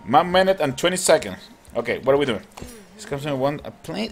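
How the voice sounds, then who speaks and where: An excitable man talks through a mobile game, his voice leaping up and down with lots of laughter. He speaks a little higher than most men, with game music playing behind him. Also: moderate pace, creaky. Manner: excitable, chatty, laughs often. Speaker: mobile game channel host. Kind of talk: casual gameplay commentary.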